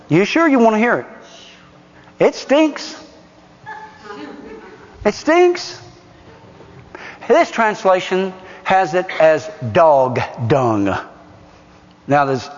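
A man's voice: high-pitched, expressive, measured pace. A man preaching a sermon as pastor, emphatic and firing rhetorical questions at his congregation. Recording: dull recording with long hall reverb.

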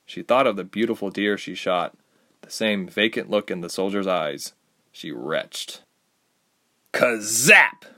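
A man narrating a fantasy audiobook with expressive storytelling. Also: fairly low pitch, measured pace. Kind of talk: scripted narration.

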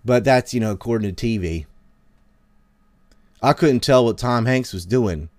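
A man's voice: medium pitch, unhurried, a little mellow, no room sound, studio quality. A man, ranting in a heated, sarcastic and profane way as he hosts a podcast. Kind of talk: casual ranting monologue.

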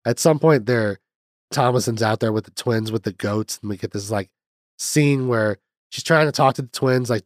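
A man's voice: medium pitch, normal speed, dry recording. Guy on his podcast rambling through a movie plot, swears a lot, mid voice, totally dry sound. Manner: rambling, profane, laughs at his own jokes. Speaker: podcast host recapping a film. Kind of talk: casual movie recap.

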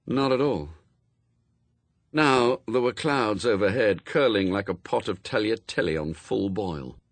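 A man narrating a storybook in a wry, expressive reading, close to the mic. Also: lowish voice, normal speed, gravelly, no echo. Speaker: audiobook narrator. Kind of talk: scripted narration.

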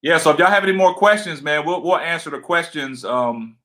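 A man with a deep voice, loud and passionate, casually chatting as co-host of a livestream from his home. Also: lively intonation, a little fast.

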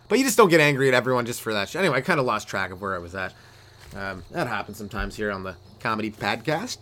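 A man hosting his own comedy podcast, riffing through old jokes in a rambling solo set, with a lot of "right?" asides, laughing at his own lines and jumping into loud put-on voices for the bits. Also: mid-range voice.

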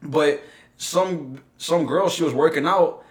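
A young man chatting casually on a podcast with friends, his voice sitting a little high. He tells stories animatedly and breaks into laughter. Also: slow. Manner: animated storytelling with bursts of laughter. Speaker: podcast co-host. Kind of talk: casual chat.

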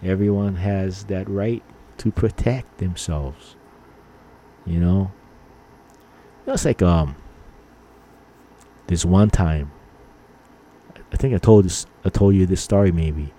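A man's voice: deep voice, takes it slowly, pauses often, mellow, a little hiss or hum. A middle-aged man from Hawaii hosting a podcast, rambling through stories with lots of fillers and acting out angry lines. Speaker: podcast host. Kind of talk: casual storytelling monologue.

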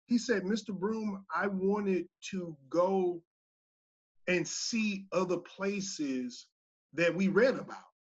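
Man, casual storytelling, animated, quotes voices loudly, muffled sound. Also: sits high, slow, slightly rough. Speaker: former teacher, guest.

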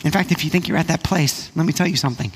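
A man, a pastor, preaching a sermon in a conversational way, repeating phrases and dropping to a hush for emphasis. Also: fairly high pitch, slightly rough. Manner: conversational preaching with frequent repetition and "right?" asides; drops to a hushed, slow voice for emphasis.

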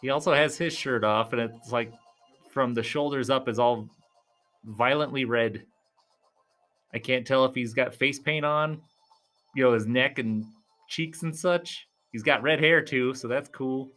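Faint music plays behind a vlogger doing casual play-by-play at a live arm-wrestling event. Speaking at a measured pace, he stays chatty, laughs a lot and lets his pitch swing lively.

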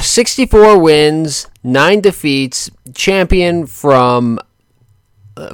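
A man's voice: medium pitch, clean tone, dry recording, studio quality. Rambling, joking man talking boxing. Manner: rambling, self-correcting, laughs often, joking. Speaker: boxing commentator vlogger. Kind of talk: casual commentary monologue.

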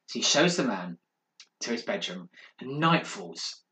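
Bright-voiced man telling a spooky story. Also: mid-range voice, sing-song, measured pace, slight background noise. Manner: dramatic, hushed, building suspense. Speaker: podcast co-host. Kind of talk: casual storytelling. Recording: roomy echo.

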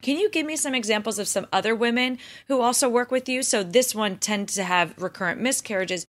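A woman's voice: fairly high pitch, fairly quick. A woman doctor hosting an interview podcast, talking effusively and retelling stories with animation. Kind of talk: conversational interview.

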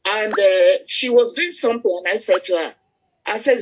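A woman's voice: a little high, animated, a little hiss or hum. An older woman, preaching in a conversational way and leading prayer, telling stories with many fillers and restarts. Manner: storytelling, halting with fillers and restarts. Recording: muffled lo-fi recording.

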